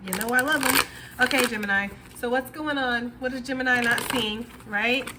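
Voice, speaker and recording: A woman's voice: a little high, moderate pace, heavy background noise. A woman giving a casual, rambling tarot reading, talking straight to her viewers. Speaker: tarot reader.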